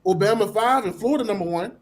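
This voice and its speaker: A man's voice: high-pitched, fast, rough recording. A man co-hosting a live stream, chatting playfully about football with slangy, emphatic remarks. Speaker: podcast co-host. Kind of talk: casual live-stream sports chat.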